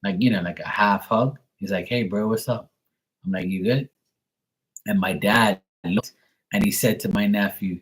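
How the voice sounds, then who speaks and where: A man's voice: lowish voice, steady tone, moderate pace. A man chatting casually on a live stream, loose and profane, often laughing as he talks. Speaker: live tarot reader and streamer.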